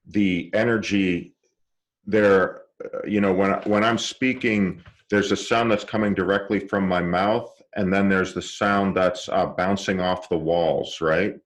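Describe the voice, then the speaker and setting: A man teaching an online film class, explaining with live demonstrations and halting restarts, speaking into a directional microphone. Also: sits low, fairly even intonation. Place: room with a cluttered table.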